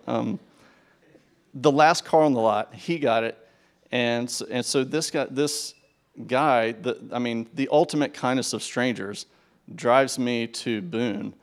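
Gravelly-voiced man telling a sermon story. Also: medium pitch. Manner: conversational, with false starts and acted-out dialogue. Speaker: preacher.

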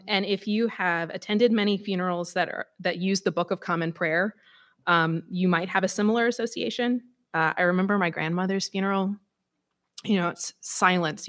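A woman preacher reads scripture aloud and delivers a sermon, speaking conversationally and expressively with dramatic emphasis. Her voice sits at a medium pitch.

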